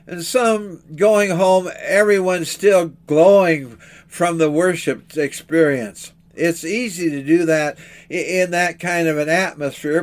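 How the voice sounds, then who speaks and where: Male preacher, earnest and measured, voice a touch higher than most men. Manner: earnest, measured, rhetorical questions. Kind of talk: sermon.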